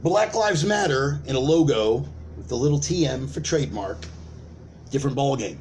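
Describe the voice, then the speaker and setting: A man's voice: medium pitch, expressive, moderate pace, darkish tone, a little hiss or hum. A man delivering a ranting sermon, profane and emphatic, building points with repetition and rhetorical questions. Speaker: preacher of an online sermon.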